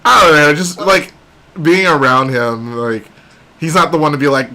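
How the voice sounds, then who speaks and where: A man's voice: fairly high pitch, lively intonation, normal speed, sharp tone. A young man streaming and chatting casually with friends, laid-back and teasing. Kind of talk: casual chat.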